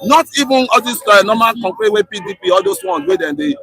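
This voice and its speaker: A man's voice: sits high, fast talker, soft background music. A man with a Nigerian accent arguing in a heated street debate, repeating himself and talking over others. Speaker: street interviewee. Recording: loud street crowd behind.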